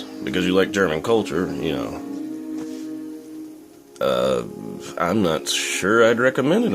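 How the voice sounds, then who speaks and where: A young man talking in a casual, profane, rambling rant as a vlogger. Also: lowish voice. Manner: profane, blunt, rambling with fillers. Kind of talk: casual ranting monologue.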